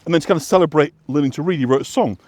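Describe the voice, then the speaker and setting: A West Yorkshire walking guide races through casual explanations along an outdoor path, rambling and restarting with many fillers. His fairly high voice is a little mellow, and the recording is dry.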